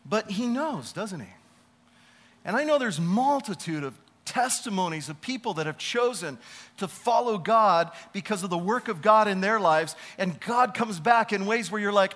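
A pastor's high-pitched voice carries an animated sermon at normal speed; he draws out key words and shifts to a conversational tone when sharing personal stories.

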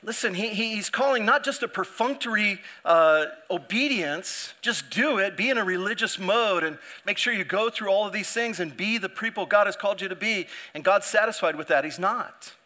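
A man's voice: sits high, moderate pace, hardly any pauses, bright, forceful tone. A male pastor preaching a sermon in a conversational way, often restarting his sentences and acting out the people he quotes.

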